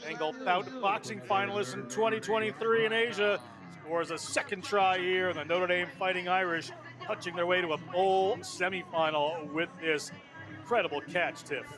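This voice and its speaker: High-voiced upbeat male rugby commentator. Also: steady tone, normal speed, over music. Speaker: play-by-play commentator.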